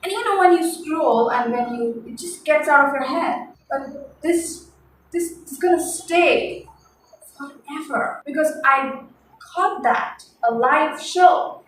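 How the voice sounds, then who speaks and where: A young woman with a high voice tells a story in a loose, chatty vlog, exasperated and full of fillers and repeated words. She sits back from the mic in a very echoey room, with faint hiss underneath. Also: slow pace. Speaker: vlogger. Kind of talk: casual storytime chat. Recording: echoey room heard from a distance.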